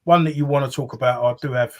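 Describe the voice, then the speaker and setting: A man chatting as a guest on a live stream, talking in a halting, hesitant way. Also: medium pitch. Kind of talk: casual chat. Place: at home, in another room.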